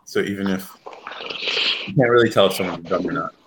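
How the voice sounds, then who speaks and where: A man from the United States chats casually as co-host, rambling and animated, with plenty of swearing and laughter. His voice sits a bit low. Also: brisk, a little hiss or hum. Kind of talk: casual chat.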